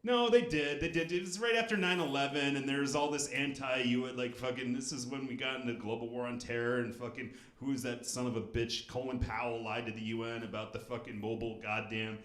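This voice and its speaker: A man's voice: mid-range voice, steady tone, fairly quick, hardly any pauses, fairly bright tone, roomy sound. A male comedian hosting a crowd work stand-up set, riffing in a profane, rambling way. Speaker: comedian host.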